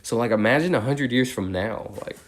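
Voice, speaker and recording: A young man steadily counting numbers out loud, breaking off now and then to ramble casually. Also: mid-range voice. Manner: steady rapid number recitation, rambling slangy tangents. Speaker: streamer counting aloud. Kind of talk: monotone counting with casual asides.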